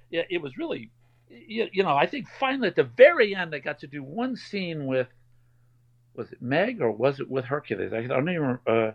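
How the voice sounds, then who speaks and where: An older man, a voice actor guest, telling animated anecdotes in a casual interview and slipping into playful voices. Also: on the high side, no room sound. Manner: animated storyteller who slips into playful voices. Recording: dry, dull lo-fi sound.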